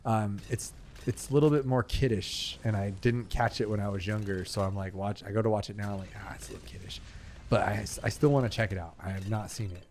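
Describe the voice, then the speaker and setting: A man's voice: fairly low pitch, steady tone, brisk, a little mellow, slight background noise. A young man rambling casually while he plays and talks through a video game, full of fillers and asides. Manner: chatty, rambling, filler-heavy. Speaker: gaming channel host. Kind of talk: rambling casual gameplay chat.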